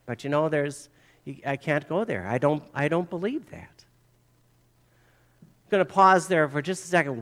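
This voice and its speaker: A man's voice: high voice, a bit bright. A male pastor preaching a sermon, retelling stories, acting out quoted voices, and repeating phrases for emphasis. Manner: storytelling, acts out quoted voices.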